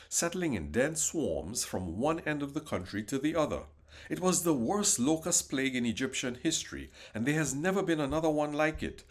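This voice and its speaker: A man narrates a scripture passage with dramatic emphasis. His pitch is very animated, rising and falling through the story. His voice sits at a middle pitch. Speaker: Bible reader. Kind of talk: expressive scripture reading.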